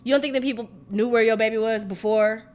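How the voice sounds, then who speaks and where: A woman co-hosting a podcast, talking in a frank, animated way, swearing freely and leaning on "like" a lot. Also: on the high side, fast talker. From family roots in Mississippi and Louisiana. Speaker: podcast co-host. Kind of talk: casual podcast chat.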